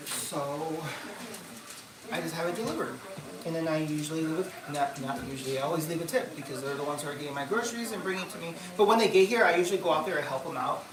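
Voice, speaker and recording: A woman's voice: low voice, quick pace, a crowd in the background. A middle-aged woman chatting casually on a live stream from her home, rambling with many fillers and restarts. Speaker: livestream host. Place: room at home. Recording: echoey room, voice a bit far from the mic.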